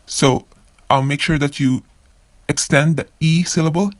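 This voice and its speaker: A man's voice: fairly high pitch, steady tone, a little slow, dry recording. A man from the Philippines, a language learner, teaching vocabulary by saying each word twice and then explaining it. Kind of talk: vocabulary lesson.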